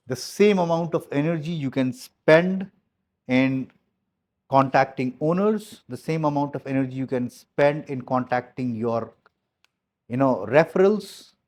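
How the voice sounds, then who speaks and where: A man's voice: fairly high pitch, darkish tone. A man giving a motivational talk to his team as their business coach. He speaks emphatically, repeats key phrases and is blunt, with some mild swearing.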